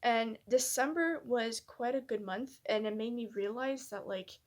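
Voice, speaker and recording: A woman vlogger talking candidly and reflectively to her camera, hesitant and soft-spoken, with many fillers and restarts. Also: on the high side, measured pace. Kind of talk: personal reflective vlog.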